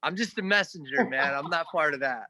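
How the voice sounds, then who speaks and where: A man's voice: fairly high pitch, slight background noise. A man telling a long story in a casual interview, rambling, swearing now and then and acting out what others said. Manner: animated, rambling, swears, acts out quotes. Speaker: guest actor.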